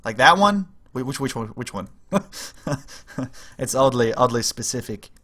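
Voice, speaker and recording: A man's voice: medium pitch, animated, measured pace, bright, forceful tone. A young man casually commentating his strategy game on a livestream, giggling often and rambling to his chat. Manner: giggly, rambling, chats with viewers. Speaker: streamer playing a strategy game.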